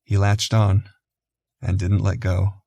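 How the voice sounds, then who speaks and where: A man narrating a first-person romance audiobook in a low, measured, quiet way. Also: level tone, gravelly, no echo.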